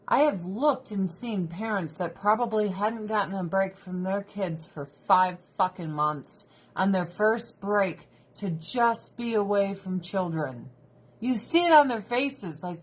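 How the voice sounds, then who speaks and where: A woman's voice: mid-range voice, husky. A woman in her thirties chatting casually, ranting bluntly with lots of swearing and mocking impressions. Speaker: vlogger. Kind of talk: casual chat.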